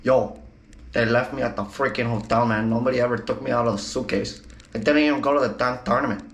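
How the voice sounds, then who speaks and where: A man voicing an abandoned male slingshot toy that sobs and whines in a high, sing-song voice about being left behind. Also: fairly even intonation, quick pace, fairly bright tone, roomy sound, natural voice. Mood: grumbling.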